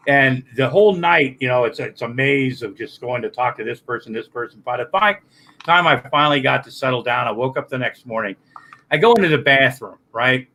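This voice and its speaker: A man's voice: mid-range voice, a little fast, sharp tone, low-quality recording. A man chatting as a guest, telling rambling, profane stories with lots of restarts. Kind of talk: casual podcast chat.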